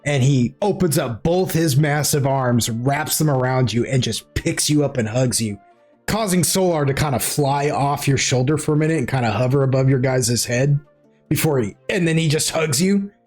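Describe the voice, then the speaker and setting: A man's voice: mid-range voice, normal speed, darkish tone, faint music behind. A man narrating a tabletop role-playing game as game master in a casual, chatty manner.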